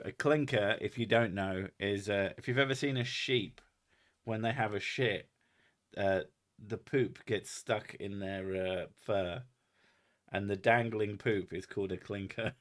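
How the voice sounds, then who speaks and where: Jokey low-voiced man reading chat. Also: a bit bright. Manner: jokey, swearing, reads comments aloud and laughs a lot. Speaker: host reading viewer chat. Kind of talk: casual livestream chat.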